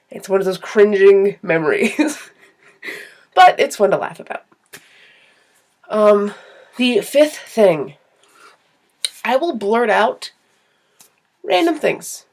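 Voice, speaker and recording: A young woman vlogging to camera, telling rambling, self-deprecating stories about her own quirks in a casual, animated way. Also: mid-range voice.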